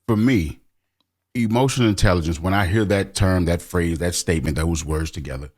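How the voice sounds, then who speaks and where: A man's voice: deep voice, fairly quick, darkish tone. A middle-aged man co-hosting a podcast, talking emphatically and expressively in casual chat. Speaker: podcast co-host.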